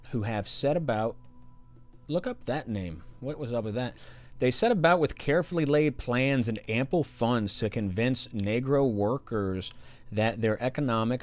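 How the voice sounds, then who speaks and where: A man's voice: fairly low pitch, darkish tone. Man reading with sarcastic asides. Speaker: commentator reading an old newspaper aloud. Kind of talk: reading with commentary.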